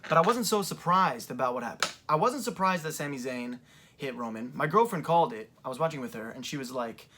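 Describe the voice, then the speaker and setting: A young adult man talking through events in a casual commentary vlog, rambling with lots of fillers, seated in a creaky chair. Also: medium pitch, expressive, brisk, noisy background. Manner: rambling, filler-heavy retelling. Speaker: wrestling fan reviewer.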